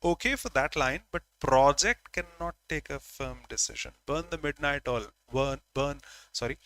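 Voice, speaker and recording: A man teaching an online exam-prep lesson, calling on students by name and acting out examples in a lively way. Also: on the high side, moderate pace.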